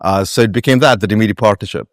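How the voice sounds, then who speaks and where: Pakistani man, guest in an interview, lowish voice, dry close sound, thinks aloud and circles back. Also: very fast, no room sound. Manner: reflective, meandering with frequent restarts and fillers. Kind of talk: conversational interview.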